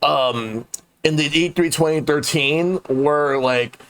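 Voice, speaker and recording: A man's voice: fairly high pitch, slow, a bit bright, clean tone. A man on a gaming podcast, talking casually and bluntly, swearing freely. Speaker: podcast panelist. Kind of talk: casual chat.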